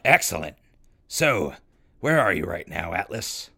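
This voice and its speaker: A man's voice: sits low, very animated, unhurried, gravelly, sharp tone, slightly rough, full character voice. A man voicing a sardonic male ghoul radio host who reads ads and adds dry, wry asides. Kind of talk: scripted radio DJ patter. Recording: radio show with music behind.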